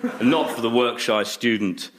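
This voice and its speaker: A man's voice: mid-range voice, normal speed, a crowd in the background. A middle-aged man chatting as a guest in a radio interview, self-mocking and laughing often. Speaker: guest comedian. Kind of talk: casual radio interview chat.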